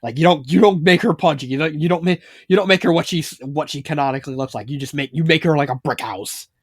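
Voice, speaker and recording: A man's voice: fairly high pitch, fast talker, husky, no echo, clean studio sound. A man giving a rambling, casual spoken review, full of fillers and swearing. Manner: rambling, filler-heavy, swearing, laughs a lot. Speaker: fanfiction reviewer.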